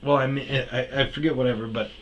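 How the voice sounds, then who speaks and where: A man's voice: mid-range voice, steady tone, fast, a bit bright, dull audio. A man casually telling his own story as host, rambling and acting out other people's lines.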